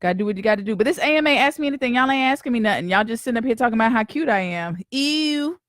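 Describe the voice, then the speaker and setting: A woman's voice: fairly high pitch, very fast, no echo, studio quality. Chatty woman podcast host. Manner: chatty, greets viewers by name, slangy. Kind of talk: casual live-stream chat.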